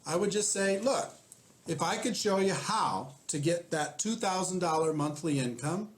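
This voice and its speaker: A man's voice: high voice, normal speed. A man coaching network marketing, methodically walking through numbered questions in casual talk.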